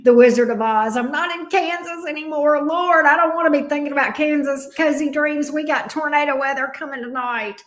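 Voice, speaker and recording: Speaking fairly quickly with hardly any pauses, a woman with a high voice reads tarot on a livestream, chatting loosely with viewers. She is from coastal Alabama with a Southern accent, laughs a lot and swears without restraint. The sound is reverberant.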